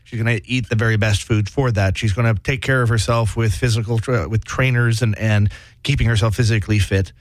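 A man's voice: lowish voice, fairly even intonation, brisk, no room sound. Laid-back male podcast co-host. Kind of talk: casual chat.

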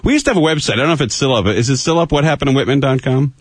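A man's voice: mid-range voice, racing, dry recording. A man hosting a radio talk show, chatting loosely and laughing often. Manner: laughing, loose, animated banter.

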